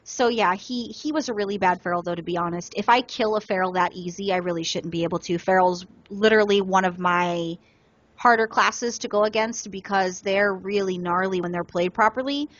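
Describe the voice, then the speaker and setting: A woman co-hosts a gaming podcast, spinning an animated tale in a mid-range voice. The sound is dry and a little dull, like a home mic in a small room. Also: medium pitch, fairly quick, no room sound. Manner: animated storyteller, acts out other players in quotes. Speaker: podcast co-host. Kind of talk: casual gaming podcast storytelling.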